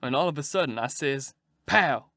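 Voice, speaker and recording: Narrator doing a heartbroken rural father, drawn-out dialect, slightly high, dry close sound. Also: a bit bright, no echo. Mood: agitated. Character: grieving adult man, a plain-spoken father.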